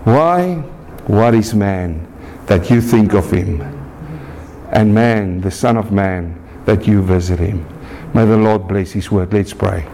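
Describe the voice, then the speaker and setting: Earnest male preacher delivering a sermon. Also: creaky. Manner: earnest, slow and deliberate, rising to high shouts in a story.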